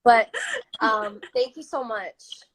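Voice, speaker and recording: A woman's voice: fairly high pitch, takes it slowly, a bit bright, poor audio. A woman singer chatting casually in a live-stream interview on a phone, filling her talk with "like" and "you know". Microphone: phone on a live video stream.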